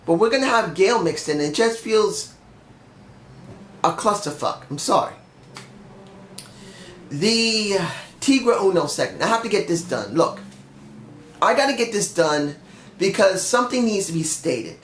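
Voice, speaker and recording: A man's voice: high-pitched, lively intonation, unhurried, long pauses, reverberant, slight background noise. A young man reviewing a wrestling show on his own, ranting bluntly with some swearing while he is feeling sick. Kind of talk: opinionated solo review.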